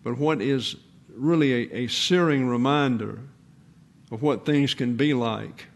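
A man in his eighties, a pastor giving a sermon in an earnest, measured way with pauses. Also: mid-range voice, gravelly. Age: 80s.

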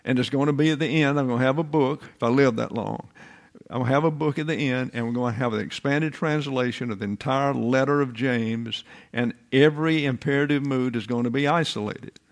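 Older male Bible teacher, sermon delivery, emphatic and repetitive, average pitch. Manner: deliberate, emphatic, repeats phrases.

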